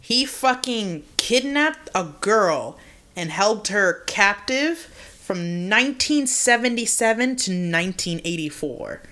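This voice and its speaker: A woman's voice: mid-range voice, lively intonation, slow pace, pushed and bright. A young woman co-hosting a podcast, telling a creepy story in casual chat, full of swearing and "like" and "right?". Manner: swears a lot, fillers like "like" and "right?". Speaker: podcast co-host.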